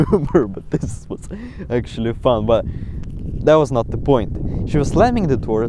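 A young man podcasting on his phone outdoors, ranting and swearing in a casual monologue full of fillers. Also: mid-range voice. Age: young adult. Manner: ranting, profane, many fillers. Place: outdoors near water. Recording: outdoor phone recording with clear background noise.

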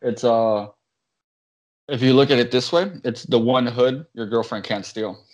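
A man's voice: medium pitch, fairly even intonation, unhurried, a little mellow. A man chatting casually and telling jokes in a laid-back way. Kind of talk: casual chat. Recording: dull lo-fi sound.

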